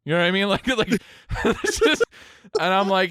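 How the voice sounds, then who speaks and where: A young man telling a long story in casual podcast chat, animated and swearing freely. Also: on the high side, fast, smooth, dry recording, studio quality. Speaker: podcast co-host.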